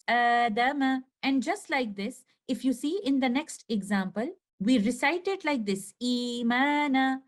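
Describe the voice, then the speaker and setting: A woman teaching a recorded lesson over slides, explaining slowly and clearly and stretching out each example word. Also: high-pitched. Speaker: tajweed teacher.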